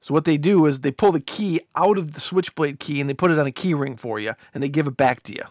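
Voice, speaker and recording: Joking car podcast host, slightly high. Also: male voice, darkish tone, no echo, studio quality. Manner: joking, quick to laugh, explaining. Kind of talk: casual chat.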